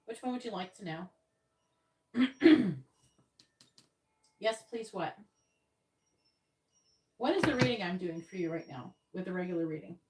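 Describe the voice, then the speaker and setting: Woman, live-stream psychic reader, listing signs and letters slowly, mic a little distant, faint background noise. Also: lowish voice, expressive, a little mellow, roomy sound. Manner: talks to viewers, repeats and spells out signs, letters and numbers slowly. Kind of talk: live-stream card reading.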